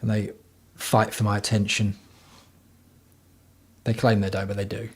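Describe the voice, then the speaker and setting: A man's voice: fairly low pitch, flat delivery, measured pace, breathy edge. A man hosting a casual livestream from home, talking bluntly and rambling with plenty of swearing. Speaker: livestream host.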